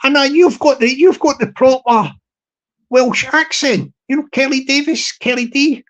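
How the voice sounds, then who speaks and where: A man's voice: very high-pitched, normal speed, fairly bright tone, highs cut off. A man hosting a live stream. He rambles, repeats himself and restarts often with many fillers.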